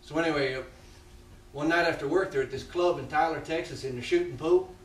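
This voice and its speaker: A man performing a theatrical monologue on a small theatre stage, telling a confessional story with halting restarts. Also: fairly high pitch, slight background noise. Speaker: stage actor playing a death row inmate. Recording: roomy theatre sound from a distant mic.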